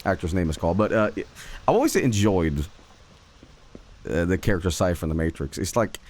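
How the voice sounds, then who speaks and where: A man's voice: deep voice, normal speed, a little mellow. A man streaming a game, chatting casually while rambling, swearing and laughing often. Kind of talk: casual livestream chat while gaming.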